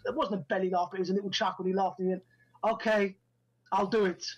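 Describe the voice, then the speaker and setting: A middle-aged man, an actor who has just directed his first film, tells casual anecdotes as an interview guest, performing the lines of dialogue he quotes. His high voice is delivered flatly and at a racing pace, slightly rough, on a muffled recording.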